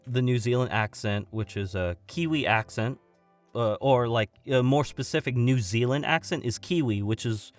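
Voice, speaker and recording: A man, a voice actor guest on a podcast, talking casually in an animated, rambling way and often correcting himself. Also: mid-range voice.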